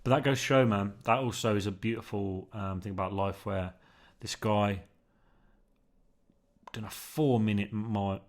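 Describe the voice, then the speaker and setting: Male vlogger with a lowish voice, casual and rambling, heavy on fillers and "man". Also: steady tone, a little slow. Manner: meandering, filler-heavy, keeps saying "man". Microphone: newly bought mic, under test.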